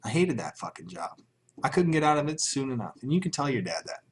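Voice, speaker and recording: Answering chat questions on a livestream, this man rambles, curses and laughs a lot in an easygoing way. He talks fast, in a slightly high, sing-song voice.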